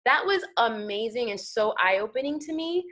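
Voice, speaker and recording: An American actress talking as a guest on a talk show, animated and chatty with lots of fillers. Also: female voice, on the high side, moderate pace. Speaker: guest actor. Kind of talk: casual interview chat.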